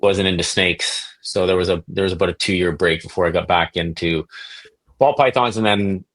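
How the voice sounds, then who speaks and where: A man from Canada with a very low voice tells stories as a podcast guest. He is casual and animated and acts out other people's lines. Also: moderate pace. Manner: animated storyteller, acts out quotes. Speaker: guest, reptile breeder.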